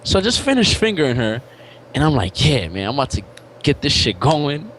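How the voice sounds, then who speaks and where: A man's voice: mid-range voice, big pitch swings, a little fast, a bit bright, slight background noise. A male podcast guest in casual banter, joking crudely.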